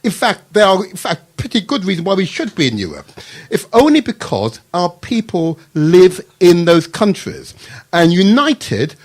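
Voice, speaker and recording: Emphatic man with a lively voice. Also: high-pitched, normal speed. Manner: emphatic, repeats key words. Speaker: studio guest. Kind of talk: radio debate.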